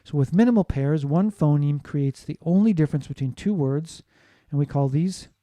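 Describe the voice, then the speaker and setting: A man's voice: a little high, moderate pace, dark tone, no room sound. A man teaching a recorded lecture, explaining patiently and checking in with listeners.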